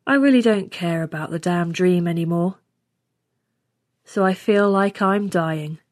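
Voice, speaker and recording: A woman's voice: fairly low pitch, a little slow, darkish tone, no echo, clean studio sound. A woman reading a science fiction story aloud in the first person with a wry tone. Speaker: story reader. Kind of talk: scripted narration.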